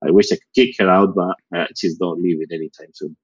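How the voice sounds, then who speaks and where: A man's voice: low voice, quick pace, slightly rough, muffled recording. A male photographer chatting as a guest on a live audio show, speaking expressively and leaning often on "it's like". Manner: expressive, with many filler "it's like" phrases. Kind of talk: casual conversation on a live audio chat. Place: lives in England.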